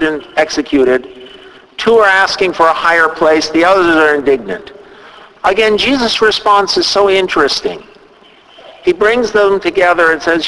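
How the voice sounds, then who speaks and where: A man delivers a sermon in a church, walking listeners through a scripture story in a measured way. His voice sits a little high for a man. Long reverb from the church hall trails each phrase. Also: sharp tone. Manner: measured storytelling, retelling scripture with quoted dialogue. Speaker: pastor.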